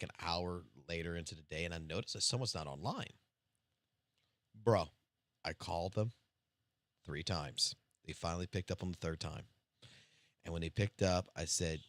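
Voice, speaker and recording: Profane, bright-voiced male streamer. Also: sits low, dry recording. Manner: profane, animated anecdote-telling. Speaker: game streamer. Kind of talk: live-stream storytelling.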